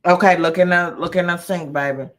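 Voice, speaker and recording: A woman hosting a casual live chat from home, talking easily with frequent ums and pauses. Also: fairly low pitch, steady tone.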